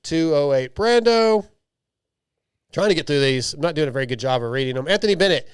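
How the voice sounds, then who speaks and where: A man's voice: medium pitch, animated, rapid-fire, clean tone, dry recording, studio quality. A man hosting a podcast, chatting casually and reading listener emails in a loose, joking way with lots of restarts. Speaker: podcast host.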